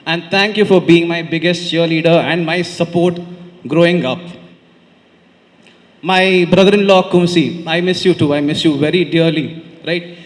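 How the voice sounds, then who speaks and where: A young man with a Konkani Indian English accent giving a heartfelt wedding reply speech at a podium, often adding "right?". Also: fairly high pitch. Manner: heartfelt, tag questions "right?". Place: large banquet hall. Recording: long reverb of a large hall.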